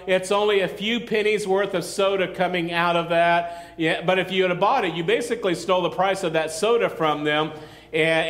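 A man's voice: high voice, a bit bright. A male pastor preaching a sermon in a loose, conversational way, with joking asides and calls for amen.

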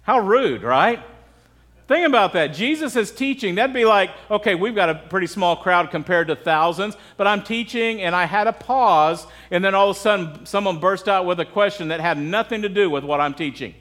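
High, chatty American man preaching a relaxed sermon to his congregation, checks in with the crowd often. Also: normal speed. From United States. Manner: conversational, asks the crowd "right?" often. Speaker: pastor.

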